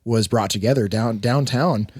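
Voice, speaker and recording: A man's voice: mid-range voice, moderate pace, darkish tone, breathy edge, no echo. A man co-hosting a podcast, asking questions in a casual, slightly hesitant way. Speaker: podcast co-host.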